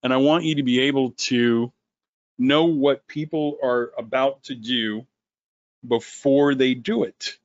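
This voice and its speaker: A man who founded a company, running a sales webinar in an animated, sarcastic way. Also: no room sound, dull audio. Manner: animated, sarcastic, quick swings in pitch.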